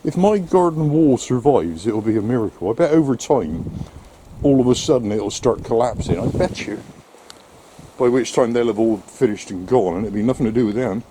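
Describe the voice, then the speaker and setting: An animated, warm mid-range voice speaks at normal speed with slight background noise as the man vlogs outdoors in the rain and then from his car. He's out of breath, exasperated, and grumbling with mild curses.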